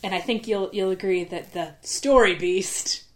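A woman, a show producer, chatting as a guest on a podcast, often stalling and restarting her sentences. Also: medium pitch. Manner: hesitant, restarts, quick bursts. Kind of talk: casual podcast chat.

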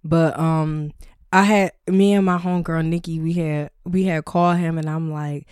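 A woman's voice: low-pitched, moderate pace, clear, resonant tone, no echo, studio quality. A woman on a podcast telling a funny personal story in casual, profane chat, acting out what people said. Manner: animated storytelling, swearing, acting out quotes. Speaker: podcast co-host.

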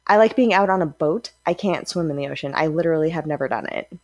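A woman from California with a low voice rambles easily through casual podcast chat. The sound is dry and close, with no room around it. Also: fast, no echo, muffled recording. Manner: rambling, easygoing. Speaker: podcast co-host.

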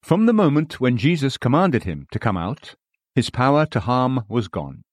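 A man reads a sermon aloud in an earnest, exhorting manner. His voice sits in a middle male pitch. The recording is dry, with no room sound. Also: sing-song, normal speed, no echo.

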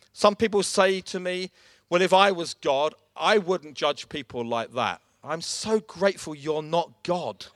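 Guy preaching, emphatic, kinda high voice, dry sound. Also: fairly bright tone, no echo. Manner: emphatic, addresses listeners as folks. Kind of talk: sermon.

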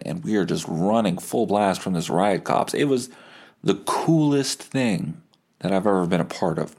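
A podcast host with a deep, creaky voice tells a casual story from his bed, swearing and laughing as he goes. He brings the anecdote to life by doing impressions of the people in it.

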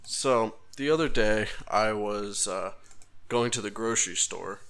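A man's voice: lowish voice, unhurried, a bit bright, clear, resonant tone. A man co-hosting a comedy podcast who tells a story straight to the audience. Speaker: podcast co-host. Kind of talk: casual comedy podcast chat.

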